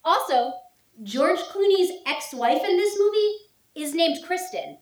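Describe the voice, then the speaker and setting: High-voiced woman telling a story. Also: measured pace, roomy sound. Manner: animated storytelling, acts out quotes. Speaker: podcast co-host. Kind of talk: casual chat.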